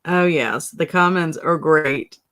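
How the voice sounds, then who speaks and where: A woman's voice: deep voice, slow pace, fairly bright tone. A woman hosting a casual livestream, laughing often, exclaiming and reading out viewer comments. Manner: giggly, exclaims often, reads chat comments. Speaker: livestream host.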